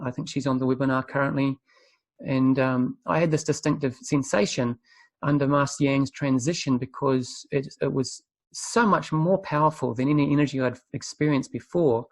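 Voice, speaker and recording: A man's voice: medium pitch, no echo. Earnest man, dry sound. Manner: earnest, reflective, searching for words. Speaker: webinar presenter. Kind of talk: spiritual talk, personal testimony.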